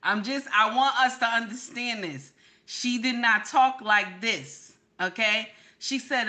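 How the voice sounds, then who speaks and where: A woman's voice: on the high side, slow pace, bright, forceful tone. A woman doing reaction commentary on a clip, sassy and incredulous, repeating her points.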